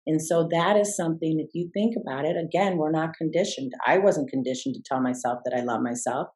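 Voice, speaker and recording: A middle-aged woman, a mindset coach, telling a personal story in a podcast interview, reflective and slowing down to stress key words. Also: low-pitched, a little mellow. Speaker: guest, former swimmer and mindset coach.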